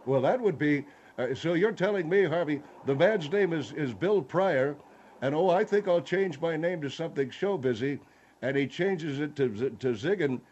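A man voicing a slow-to-follow panelist who sputters out confused questions. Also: a little high, lively intonation, a little mellow, highs cut off, a little hiss or hum, voice pushed up, close to an everyday voice.

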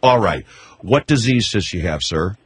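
A man's voice: fairly low pitch, expressive, moderate pace, slight background noise. A man hosting a call-in radio show, skeptical and questioning, cutting in on the caller. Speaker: radio host.

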